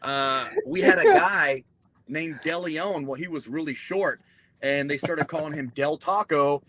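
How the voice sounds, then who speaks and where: A man, a military veteran, telling profane, animated stories in casual chat. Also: fairly high pitch, unhurried, gravelly, low-quality recording. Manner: profane, animated, acts out quotes.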